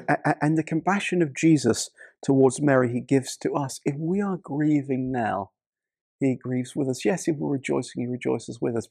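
Male preacher, gravelly voice, mellow dark tone, dry close sound, earnest, stumbling restarts. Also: mid-range voice, no room sound. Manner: earnest, repeats words and restarts often. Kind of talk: sermon.

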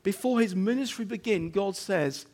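A man preaching a sermon as the pastor of his church, talking conversationally with rhetorical questions and "okay?" asides, dropping to hushed lines and rising to loud emphatic ones. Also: normal speed. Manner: swings between hushed low moments and loud emphatic stretches. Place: church building.

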